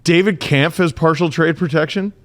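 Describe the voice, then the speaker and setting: A man's voice: fairly high pitch, normal speed. A man hosting a podcast, talking sports in a casual, exasperated, exclamatory way. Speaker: podcast host.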